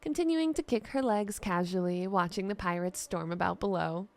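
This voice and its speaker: A woman narrating a scripted fantasy tale in a steady, descriptive storytelling voice. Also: mid-range voice, moderate pace. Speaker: writer and narrator.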